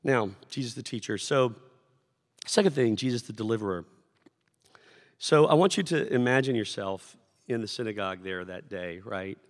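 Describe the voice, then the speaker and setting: A man preaching a sermon to his congregation, conversational and animated, acting out shouted lines as he tells stories. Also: on the low side, moderate pace, pauses often. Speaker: pastor. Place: church sanctuary. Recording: long hall reverb.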